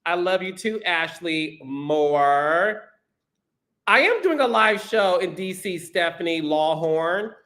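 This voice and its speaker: A man's voice: high voice, animated, slow, a bit bright. A man hosting a live stream, reading out viewer comments in a sassy, playful way and calling people honey and child. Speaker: podcast host.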